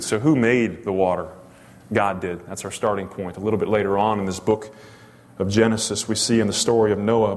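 A man's voice: fairly low pitch, steady tone, brisk, a little mellow. A male pastor preaching a sermon, emphatic and full of rhetorical questions to the congregation. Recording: long reverb of a large hall.

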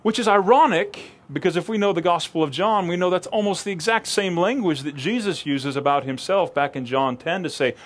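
A man's voice: brisk, hardly any pauses. A man preaching a sermon, reading scripture and explaining it, acting out the quoted lines and often repeating words as he restarts. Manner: expressive, acts out quoted lines with rising pitch.

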